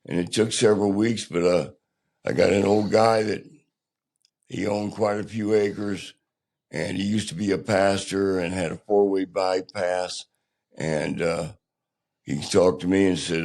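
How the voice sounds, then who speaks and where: An older man, a podcast guest, telling his own story candidly in a plainspoken, halting, rough-edged way. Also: sits low, steady tone, darkish tone.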